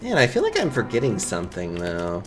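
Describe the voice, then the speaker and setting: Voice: low-pitched, huge pitch swings, brisk, over music. A game streamer chatting casually while playing, swearing freely and laughing often. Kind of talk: casual live-stream chat.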